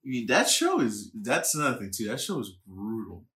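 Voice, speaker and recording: Animated male podcast host, bright tone, echoey room. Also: fairly low pitch, fairly quick. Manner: animated, laughs often, swears. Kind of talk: casual chat.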